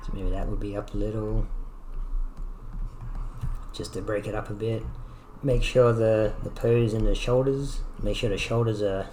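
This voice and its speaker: Guy with a lowish voice going over animation notes, kinda searching for words, noisy recording. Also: fairly even intonation, normal speed, warm tone. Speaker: animation instructor. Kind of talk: animation critique.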